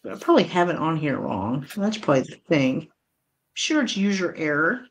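A woman's voice: sits low, very animated, fairly quick. A woman hosting a live online sale, chatting casually and counting down bids in an upbeat way. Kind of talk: live selling chat.

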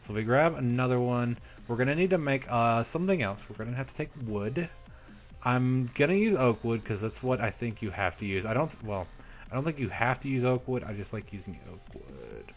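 A young man in casual gameplay commentary, chatty and upbeat as he talks viewers through his build. His voice sits at an ordinary middle pitch. Soft background music plays faintly under him. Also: lively intonation, a little fast. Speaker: Minecraft let's play host.

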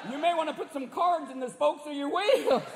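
A man's voice: very high voice, brisk, background noise, voice pushed up. A man playing a rowdy small-town gas station attendant who hollers and mocks. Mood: mocking. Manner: loud, hollering. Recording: live stage recording in a big hall with a crowd.

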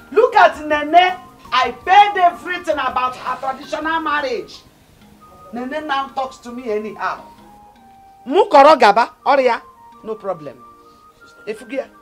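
An actress with a Nigerian accent playing an aggrieved sister who accuses her brother and his wife. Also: sits high. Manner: aggrieved, accusing, mixes in Igbo phrases. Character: indignant sister feeling insulted by family. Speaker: sister of the husband.

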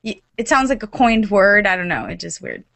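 A woman co-hosting a casual podcast over a video call, teasing and laughing often, with quick comebacks. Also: medium pitch, vocal fry, fairly bright tone, no echo. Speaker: podcast co-host. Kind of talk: casual chat. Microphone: computer over a video call.

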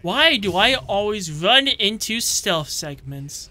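A man riffs through a game session with a sharp, very bright voice and plenty of swearing. He jumps from muttered asides to sudden yells, with game music faintly behind him. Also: high voice, very animated, slow pace, hardly any pauses. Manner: joking, swearing, sudden yelling outbursts. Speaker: gameplay commentator. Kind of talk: comedic let's-play commentary.

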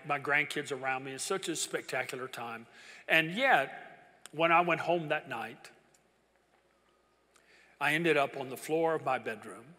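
Older pastor preaching in a big hall. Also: male voice, mid-range voice. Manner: emotional storytelling, swinging from hushed to loud. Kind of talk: sermon. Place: large church auditorium. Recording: reverberant church hall with congregation.

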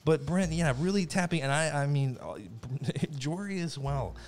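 A man's voice: fairly high pitch, moderate pace, a little hiss or hum. A man hosting a casual podcast trivia quiz, joking and self-deprecating as he reads questions and tracks the score. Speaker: trivia show host.

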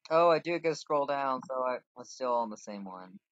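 Here a gaming channel host with a medium-pitched, expressive voice comments at a moderate pace on the game he's playing. Casual and rambling, he pokes fun at himself and voices his thoughts as he goes. The recording has no echo and comes off a dull, lo-fi dry mic.

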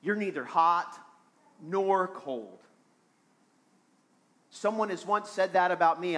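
A man's voice: high-pitched, slow, long pauses, a bit bright. A man preaching a sermon as pastor of a small church, earnest and repeating phrases for emphasis.

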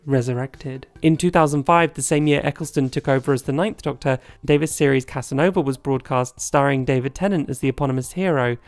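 A man's voice: medium pitch, a little fast, hardly any pauses, no echo, faint music behind. A man narrating a scripted video essay in a chatty, wry, opinionated way.

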